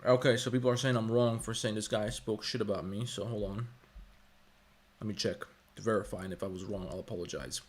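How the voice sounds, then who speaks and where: A man's voice: on the low side, fairly even intonation, fairly quick. A man chatting casually on a live stream, giving blunt, profane advice in a lecturing way.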